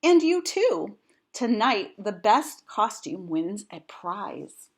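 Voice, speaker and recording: A woman voicing a kind, welcoming lady of the house in a storybook read-aloud, friendly and bright. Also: medium pitch, very animated, slow, breathy edge, heavily acted.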